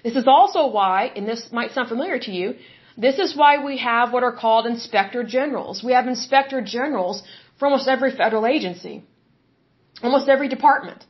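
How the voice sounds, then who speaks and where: A woman's voice: fairly high pitch, lively intonation, fairly quick. A woman hosting a podcast, giving opinionated solo commentary in an emphatic, conversational way that circles back to her points, with a touch of hiccups. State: has hiccups. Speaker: podcast host. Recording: slightly dull lo-fi recording.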